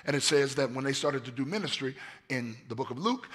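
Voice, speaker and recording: A man preaching a lively sermon in a hoarse voice, swinging from shouts down to near-whispers and telling stories in casual slang. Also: medium pitch, a little fast. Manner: casual slang-laced storytelling. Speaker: pastor.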